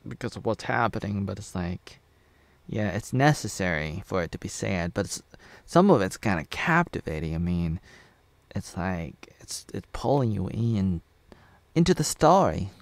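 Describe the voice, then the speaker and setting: A man's voice: low-pitched, very animated, normal speed, gravelly, no room sound. A man in his thirties from Oregon, casually reviewing a TV episode in a meandering, rambling way with chuckling asides to himself. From USA (Oregon). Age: 30s.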